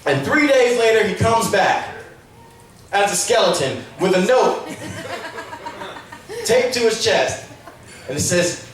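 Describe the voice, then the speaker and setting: A man's voice: high-pitched, sing-song, takes it slowly, pauses often. A man doing a crude, rambling, profane stand-up comedy set. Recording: echoey room, mic far off.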